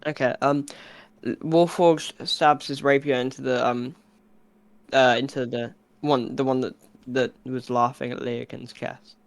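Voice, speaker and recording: A man's voice: medium pitch, steady tone, measured pace, no room sound. A man playing a tabletop game, who talks in a hesitant, filler-heavy way. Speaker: player. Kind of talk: casual tabletop play.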